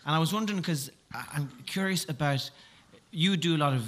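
Bright-voiced male host asking questions. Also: on the high side, fairly quick. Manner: jokey, curious questioning. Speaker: chat show host. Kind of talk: interviewing.

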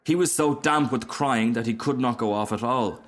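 A man reading a fairy tale aloud as narrator, in a measured, expressive storytelling manner. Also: mid-range voice.

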